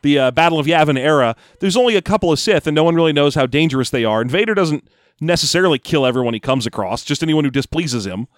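A man co-hosting a casual comedy podcast, quick and self-mocking, sometimes tripping over his words. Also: on the high side, expressive, no room sound, clean studio sound. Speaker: podcast co-host.

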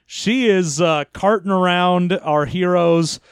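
A man co-hosting a podcast, chatting casually, excitable and swearing freely. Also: sits high, slow, a little hiss or hum. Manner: excitable, swears freely, slips into silly voices. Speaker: podcast co-host. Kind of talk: casual chat.

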